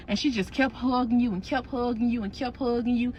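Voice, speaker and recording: A woman's voice: fairly high pitch, brisk, muffled recording, slight background noise. A woman telling a dramatic second-person storytime, sassy, slangy and profane. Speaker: storytime creator.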